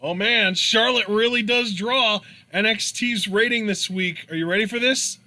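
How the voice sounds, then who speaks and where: A man's voice: sits high, normal speed, bright, forceful tone. A man co-hosting a casual wrestling podcast, matter-of-fact and dryly quipping. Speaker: podcast co-host.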